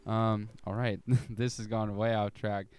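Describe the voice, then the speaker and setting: A man's voice: fairly low pitch, flat delivery, a little slow, darkish tone. A young man co-hosting a casual youth podcast, asking questions in a hesitant, filler-heavy way. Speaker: co-host.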